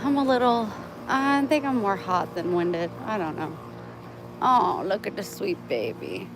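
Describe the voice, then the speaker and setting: A woman's voice: medium pitch, expressive, unhurried, noisy background. A woman vlogging live in casual chat, chatty and plainspoken, talking into a phone outdoors near her home. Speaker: vlogger livestreaming.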